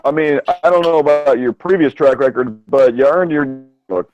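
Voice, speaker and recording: A man's voice: mid-range voice, moderate pace. A man co-hosting a crude, joking casual chat. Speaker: co-host. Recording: dull lo-fi mic.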